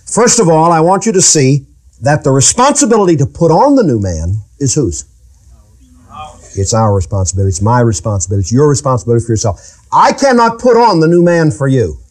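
A pastor preaching a sermon, asking the congregation rhetorical questions. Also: male voice, a little high, very animated, a little fast, darkish tone.

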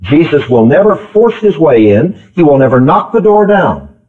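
A man's voice: fairly high pitch, very animated, normal speed. A man preaching a sermon in an emphatic style, repeating key phrases and calling out questions to the congregation. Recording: tinny phone-like old tape recording.

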